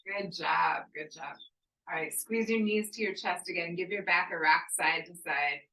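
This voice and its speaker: A woman yoga instructor guiding a breathwork class with calm, encouraging cues and slow counting. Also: lowish voice, roomy sound, far from the mic, low-quality recording. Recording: voice from off the mic.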